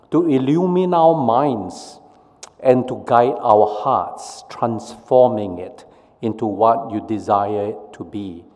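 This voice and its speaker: A male pastor, praying and preaching in a slow, measured, storytelling delivery with a fairly high, lively voice. It rings with the long reverb of a worship hall. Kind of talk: sermon with prayer.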